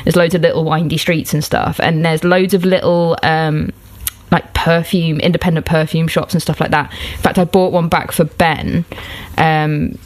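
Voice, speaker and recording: A young woman chatting as a podcast guest, self-mocking and quick to laugh. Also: low voice, level tone. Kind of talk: casual chat.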